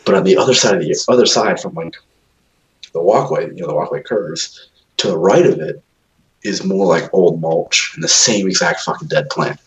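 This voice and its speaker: A man's voice: sits low, lively intonation, normal speed, highs cut off. A man co-hosting a podcast, telling rambling, profanity-laced stories in casual chat. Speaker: podcast co-host.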